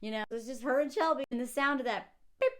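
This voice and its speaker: A woman with a fairly high voice rants through a casual film commentary. She is sarcastic and animated, often laughing mid-sentence and acting out the characters' lines. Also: fast. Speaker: movie commentator.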